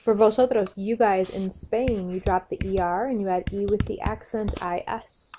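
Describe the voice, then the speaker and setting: A woman's voice: medium pitch, fairly even intonation, moderate pace, warm tone. A woman with a mid-range voice teaches a recorded grammar lesson, explaining each step patiently and spelling out the endings one letter at a time. Pen clicks and writing sounds run under a noisy, hissy track. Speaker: Spanish teacher.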